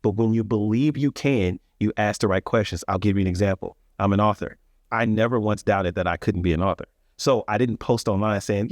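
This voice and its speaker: A man's voice: lowish voice, fast, dry recording, clean studio sound. A man telling his life story as a guest in an interview, earnest and reflective, with frequent restarts and emphatic rises.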